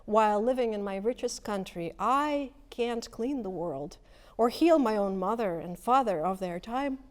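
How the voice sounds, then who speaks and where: A woman poet reading her verse slowly and deliberately, leaning hard on single words. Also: mid-range voice, lively intonation. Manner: measured, emphatic, lingering on single words. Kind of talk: poetry reading.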